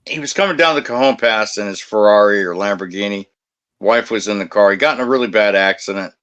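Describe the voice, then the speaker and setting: A man's voice: fairly low pitch, fast talker, fairly bright tone, highs cut off. A man who used to guard a cemetery tells blunt, profane anecdotes in casual chat. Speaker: former cemetery security guard.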